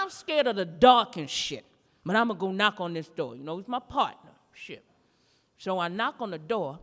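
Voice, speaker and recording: A woman performing a standup comedy routine live, telling a story in a brash, profane, animated way. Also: mid-range voice, long reverb tail. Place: live performance in a gallery space.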